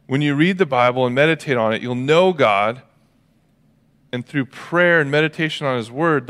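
A male pastor preaching a sermon in a relaxed, conversational way, acting out quotes as he tells stories. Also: mid-range voice. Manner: conversational, animated storytelling with acted-out quotes.

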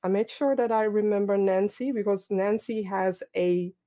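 A woman hosting an online panel, speaking with energetic asides and frequent repeated phrases as she introduces her guests. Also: mid-range voice, normal speed. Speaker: host.

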